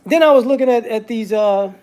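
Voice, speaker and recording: A man's voice: extremely high pitch, fairly quick, darkish tone. A man giving a casual, rambling commentary monologue with frequent restarts and repetitions.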